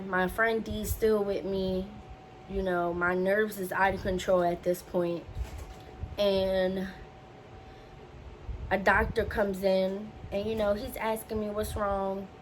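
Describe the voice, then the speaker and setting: A young woman vlogger casually telling a personal story, chatty and animated, acting out what others said. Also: medium pitch, a little hiss or hum, low-quality recording. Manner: chatty, animated, acts out quotes.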